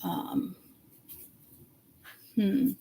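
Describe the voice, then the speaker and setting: A woman's voice: medium pitch, extremely slow, vocal fry, warm tone, breathy edge, rough recording. A middle-aged woman doing a casual, rambling tarot reading, chatty and blunt, swearing freely as she talks. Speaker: psychic tarot reader.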